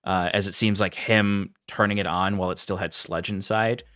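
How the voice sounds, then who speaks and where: A man's voice: low voice, fairly even intonation, moderate pace, a bit bright, clean tone, no echo, studio quality. A man narrating a tabletop role-playing game as game master, describing scenes loosely with many fillers.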